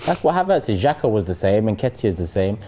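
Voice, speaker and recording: A man's voice: lowish voice, very animated, fast talker, warm tone. A man arguing bluntly as a fan pundit in a heated, casual debate, swearing now and then.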